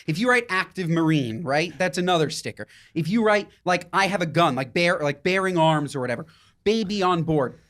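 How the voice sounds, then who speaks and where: A man's voice: fairly high pitch, a bit bright. A man co-hosting a podcast, ranting in casual chat with a sarcastic edge. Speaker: podcast co-host.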